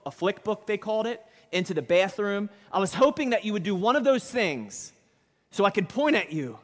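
A man doing a blunt, hulking ex-enforcer in a reverberant hall. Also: high-pitched. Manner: blunt, confessional. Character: huge hardened male ex-mob enforcer, blunt.

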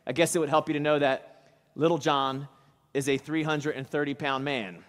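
A man's voice: on the high side, normal speed. A male pastor preaching a sermon in church, telling a story with dramatic, emphatic delivery. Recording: reverberant church hall.

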